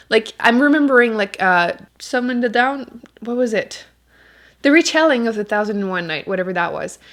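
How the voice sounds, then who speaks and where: A woman's voice: medium pitch, fairly bright tone. A young woman book vlogger chatting casually, giggly and full of fillers. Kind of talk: casual reading vlog chat.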